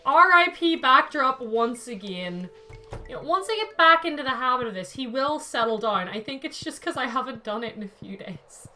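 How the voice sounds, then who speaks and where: A woman's voice: sits high, animated, moderate pace, bright, forceful tone, faint music behind. A woman, chatting playfully as a streamer, laughing often and talking to her cat and her chat. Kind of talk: casual gaming stream chat.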